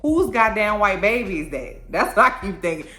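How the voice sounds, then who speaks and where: A woman giving a casual, animated and sassy recap of a TV episode. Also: medium pitch, normal speed, faint music behind. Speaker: show recapper.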